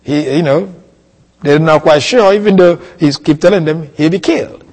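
Male preacher, fairly high voice, deliberate and emphatic delivery; recorded in a big reverberant hall. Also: a little mellow. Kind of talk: expository sermon.

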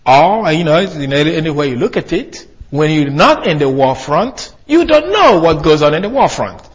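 Guy preaching, husky voice that swings up and down a lot, kinda stop-start and emphatic. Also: on the high side, very animated, normal speed. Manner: emphatic, hesitant with many restarts. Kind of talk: sermon with read-aloud quotes.

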